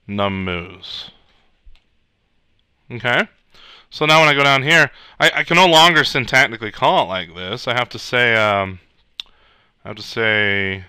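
A man giving a casual screencast coding lesson, thinking aloud as he types, with frequent restarts and throat clearing. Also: medium pitch, bright, forceful tone, dry recording. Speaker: programming instructor.

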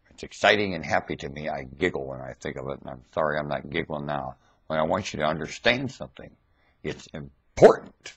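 A man talking straight into his webcam mic in a monologue rant, swinging between loud emphatic outbursts and low muttering. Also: animated, fairly quick, creaky, breathy edge.

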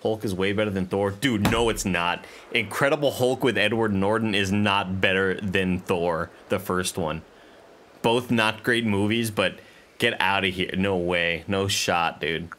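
A male streamer commenting casually on a game, excitable and swearing often while he talks to the game and chat. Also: sits low, unhurried, a little hiss or hum. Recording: game music playing under voice.

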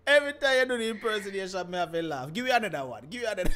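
A man's voice: sits high, sharp tone. Jovial man hosting. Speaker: host. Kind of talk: casual live show talk.

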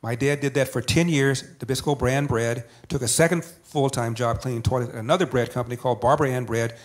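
A man's voice: medium pitch, fairly even intonation, fairly quick. A man telling a personal story as an interview guest, emphatic and building with repeated phrases. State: emotional, near tears.

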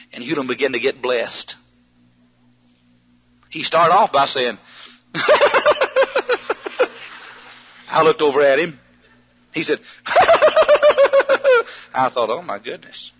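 A man preaching a storytelling sermon, animated, bursting into shouts and yells as he tells it. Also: fairly high pitch. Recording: dull lo-fi archive sermon tape with faint hiss.

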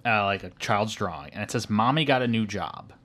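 A man's voice: lowish voice, lively intonation, fairly quick, fairly bright tone. A man hosting a casual podcast, recapping a movie scene by scene and acting out characters' lines. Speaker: podcast host. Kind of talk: casual film-recap chat.

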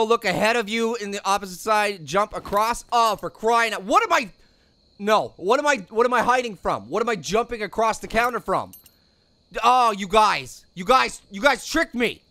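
A man voicing a hyper, wisecracking male cartoon fruit who excitedly comments on a video game, repeating himself and yelping at scares. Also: moderate pace, dry recording, heavily acted. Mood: puzzled. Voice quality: high, gravelly voice. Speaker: let's play commentator. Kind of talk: let's play commentary.

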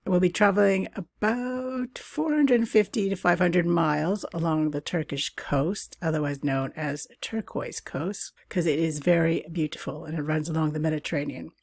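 A woman's voice: low-pitched, normal speed, gravelly, few pauses, a little mellow, dry recording. A woman from Canada hosting her own travel podcast, talking in a chatty, casual way with frequent laughs and asides. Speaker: podcast host. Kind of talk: casual solo podcast chat.

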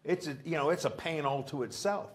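A man's voice: a little high, fairly quick. A male pastor, preaching a sermon and often asking the congregation rhetorical questions. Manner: acts out pleading prayers in a raised voice. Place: church.

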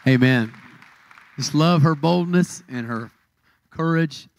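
Southern American pastor, rambling and halting. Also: male voice, a little high, creaky. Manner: rambling, halting with many fillers. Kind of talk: church service announcements and prayer.

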